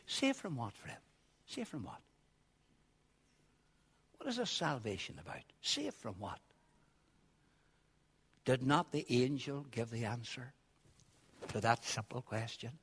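A man preaching a sermon, swinging from quiet asides to loud, shouted passages. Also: medium pitch, sing-song, slow, long pauses, breathy edge. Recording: long hall reverb.

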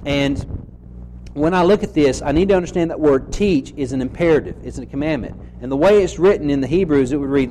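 A man preaching an expository sermon, reading scripture slowly and asking rhetorical questions as he teaches. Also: on the high side, mellow, low-quality recording.

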